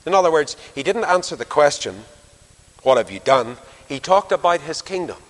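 A man's voice: on the high side, big pitch swings, moderate pace, long reverb tail. A man preaching a sermon, dramatically acting out dialogue with rising and falling intensity.

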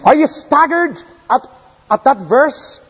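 In a large church hall with long reverb, a man with a high, husky voice preaches an evening sermon. He reads scripture slowly and dramatically, with emphatic delivery and lively intonation that swings widely in pitch, and his tone is fairly bright.

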